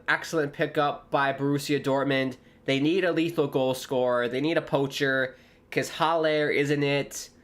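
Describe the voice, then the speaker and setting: A young American man, a streamer commentating live on a football match with viewers, bursting into loud exclamations at big moments. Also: mid-range voice. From United States. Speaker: watchalong streamer.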